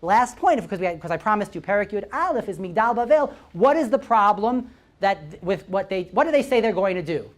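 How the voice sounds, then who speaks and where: A male lecturer with a lively, swooping delivery, teaching a Bible class to a room of listeners. He punctuates almost every point with a quick "right?" or "okay?" and keeps turning to quiz the audience. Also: high voice. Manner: constantly checks in with "right?" and "okay?"; poses questions to the audience. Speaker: visiting lecturer.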